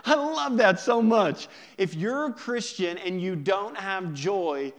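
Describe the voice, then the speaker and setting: A man pastor preaching a sermon in a conversational, joking way, drawing out key words slowly for emphasis. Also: high voice, animated.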